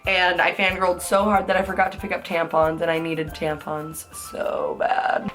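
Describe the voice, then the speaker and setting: Soft music plays behind a beauty vlogger, a young adult woman whose lowish, slightly bright voice stays monotone at normal speed. Casually recounting embarrassing stories, she laughs often, swears, and drops "like" everywhere.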